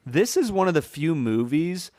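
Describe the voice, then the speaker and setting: A man's voice: a little high, very animated, normal speed, dark tone. A man co-hosting a film podcast, opinionated and joking, often restarting his sentences in casual chat. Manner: opinionated, jokey, repeats words when starting sentences. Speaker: podcast co-host.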